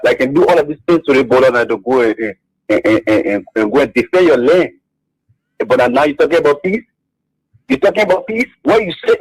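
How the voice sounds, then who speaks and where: A man calls in to a radio program with a high, dry voice. He sounds indignant, stacking rhetorical questions and repeating his points for emphasis. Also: a little mellow, breathy edge, no echo, low-quality recording. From Liberia. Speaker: radio caller. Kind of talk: phoned-in political complaint.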